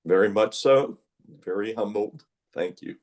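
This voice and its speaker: A man's voice: lowish voice, unhurried, a little mellow. An older man receiving an award on a video call, giving brief, humble replies with hesitations. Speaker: award recipient.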